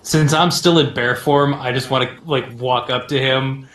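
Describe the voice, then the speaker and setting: A man playing a tabletop game, saying what his character does in a casual, deliberate way. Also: mid-range voice, steady tone, a bit bright, roomy sound. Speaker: player.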